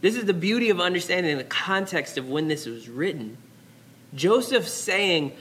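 A male pastor preaching a sermon in a church, telling a story with lively, casual slang and dropping to a near whisper for emphasis. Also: on the high side, a little fast. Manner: animated storytelling, acting out characters with casual slang. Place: church sanctuary.

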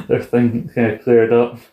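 A man's voice: mid-range voice, takes it slowly, lo-fi sound. A young man casually recapping a film, swearing, laughing and acting out the lines. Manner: animated, swearing, laughing often, acts out lines. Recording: echoey room.

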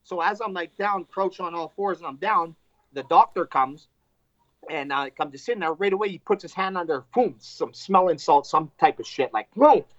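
A man, a fighter, telling a fight story in casual chat, animated and profane, acting out what people said. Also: a little high, moderate pace, no room sound, lo-fi sound. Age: adult with wife and two kids. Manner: animated, profane, acts out quotes.

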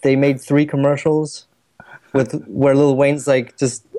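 A man's voice: mid-range voice, level tone, takes it slowly, warm tone. Laid-back German man chatting casually. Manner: chatty, laughs often, puts on voices to make a point. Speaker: podcast co-host. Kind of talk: casual chat.

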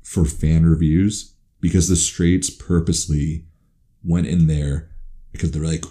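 A man in casual podcast chat, playful and teasing, talking with animated emphasis. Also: very deep voice, normal speed. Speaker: podcast co-host.

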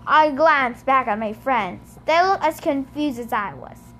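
A woman reading a novel aloud in measured first-person narration. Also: high voice, animated, a bit bright, slight background noise. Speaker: reader.

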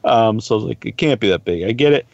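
Fast and animated, a male podcast co-host with a fairly low voice and vocal fry tells long, rambling, profanity-filled stories in a casual chat. There's no room sound; the recording is dry and slightly dull.

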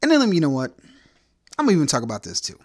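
A man's voice: fairly high pitch, huge pitch swings, very fast, dry recording, studio quality. Blunt, profane man ranting on his podcast. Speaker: podcast host. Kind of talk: casual solo rant.

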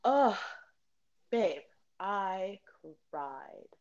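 A woman hosting a podcast, telling a personal story in a self-mocking, animated way and often laughing. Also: medium pitch, drawn-out words, lo-fi sound. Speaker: podcast host. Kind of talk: casual storytelling chat.

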